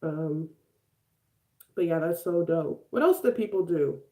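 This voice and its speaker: A woman's voice: deep voice, animated, unhurried, mellow. Chatty young woman streaming from home. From Chicago. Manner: chatty, laughs often, reads and answers comments. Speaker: vlogger live streaming to viewers. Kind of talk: casual chat while doing makeup.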